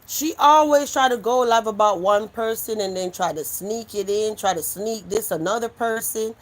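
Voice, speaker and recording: A woman's voice: medium pitch, moderate pace. Blunt, profane woman livestreamer. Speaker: livestream host. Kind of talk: casual livestream commentary.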